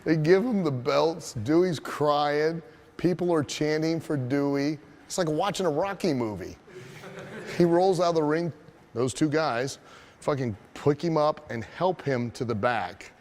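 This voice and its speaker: A man who is a wrestling trainer telling a story as a lesson, profane and animated, asking his listeners rhetorical questions. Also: fairly high pitch, a little slow.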